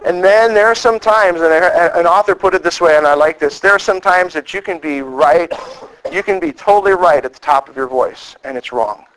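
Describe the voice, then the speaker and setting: Male pastor, middle-aged, high-pitched, animated sermon delivery with acted-out quotes. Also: moderate pace, low-quality recording. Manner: animated storytelling, acts out quoted lines.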